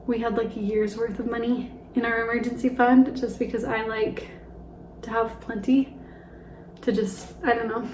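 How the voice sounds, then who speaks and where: A woman's voice: fairly high pitch, level tone, normal speed, a little mellow, reverberant, low-quality recording. Woman, twenties, casual finance vlog, slightly breathless, chatty with fillers, faint background hum. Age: 20s. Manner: chatty, with light laughs and fillers. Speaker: personal finance vlogger. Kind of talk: casual talk to camera.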